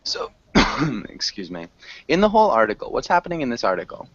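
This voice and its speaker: A man's voice: medium pitch, big pitch swings, a little fast, dull audio, slight background noise. A man teaching an English class online, patiently correcting pronunciation with frequent ums.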